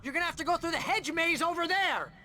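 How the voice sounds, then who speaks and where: Jittery video game sidekick, shrill and bright, always shouting warnings. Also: male voice, fast talker, slight background noise, full character voice. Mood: panicky. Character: frantic jittery male sidekick agent. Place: in-game audio heard under commentary.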